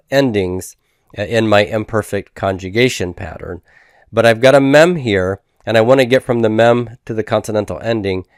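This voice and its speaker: A man's voice: on the low side, clear, resonant tone, no echo. Male lecturer, patient and methodical, resonant voice recorded dry. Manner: patient, explanatory, repeats and drills forms. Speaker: Biblical Hebrew teacher.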